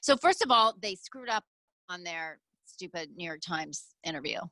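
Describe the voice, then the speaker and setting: With a lowish, bright-edged voice full of animation, a woman co-host on a podcast bickers casually, offering blunt opinions and lots of hesitant ums. She speaks at normal speed, and there's no echo.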